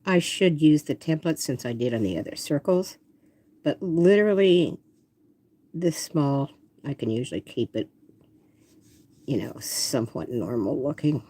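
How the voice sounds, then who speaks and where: Chatty older woman artist, husky voice. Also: low voice, expressive, a little slow, long pauses, dark tone. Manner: chatty, talks to herself while drawing. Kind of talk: casual drawing demonstration.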